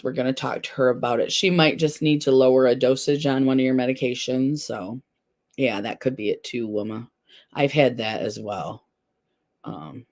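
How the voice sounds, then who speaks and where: A woman's voice: extremely low pitch, darkish tone. Chatty woman hosting a live stream. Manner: chatty and candid, addresses viewers directly as "woman". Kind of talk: casual live chat, reading viewer comments.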